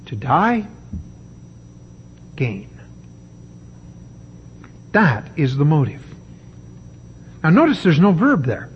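A man preaching a sermon, emphatic and deliberate, with dramatic pauses. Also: a little high, big pitch swings, lo-fi sound, a little hiss or hum.

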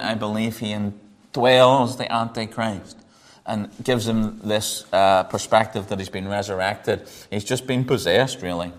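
A man with a Northern Irish accent preaching a Bible teaching sermon, conversational, with joking asides. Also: a bit bright. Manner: conversational, joking asides, pitch rising when stressing points.

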